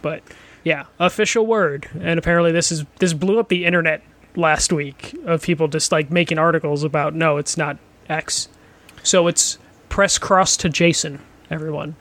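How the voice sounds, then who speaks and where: Male gaming podcast co-host, slightly raised pitch, casual and profane, quick to laugh. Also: fairly even intonation, fairly bright tone. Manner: laughs often, blunt and profane. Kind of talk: casual chat.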